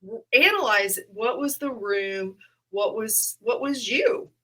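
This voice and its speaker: Bright-voiced woman comedian chatting. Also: a little high, takes it slowly, low-quality recording. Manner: animated storytelling, acts out her own past reactions; laughs often. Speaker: comedian and podcast co-host. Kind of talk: casual chat.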